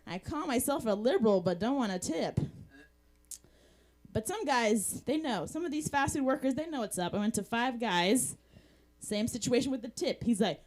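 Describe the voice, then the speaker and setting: A woman hosting a comedy open mic, telling a quick story and laughing between lines. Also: fairly high pitch, expressive, darkish tone. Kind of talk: stand-up and hosting.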